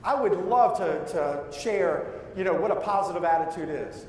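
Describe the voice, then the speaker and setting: A man delivers a motivational keynote, telling a personal story and drawing the audience in with questions. His voice sits high for a man. The sound is distant and washed in long, booming reverb from a large hall. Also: lively intonation, moderate pace, darkish tone, a little hiss or hum. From Louisiana. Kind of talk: live motivational keynote speech. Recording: echoey hall, from far off.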